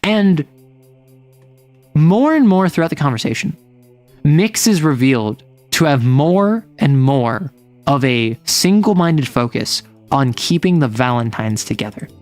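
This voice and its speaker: A man casually recapping a tabletop campaign he runs, rambling along with plenty of "like"s and little restarts. His voice sits a bit higher than most men's. Light music plays faintly underneath. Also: lively intonation, a little slow, a little mellow. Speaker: game master.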